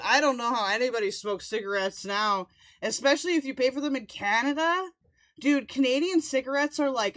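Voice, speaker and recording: A woman's voice: a little high, fairly bright tone. A woman in her thirties hosting a stream, chatting casually in a profane, rambling, teasing way. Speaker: streamer host. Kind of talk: casual chat.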